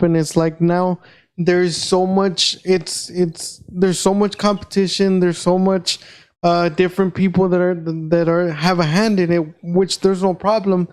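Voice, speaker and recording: Young man, podcast host, high voice, smooth and clear, reflective, halting restarts. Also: a little mellow. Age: young adult. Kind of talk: casual chat.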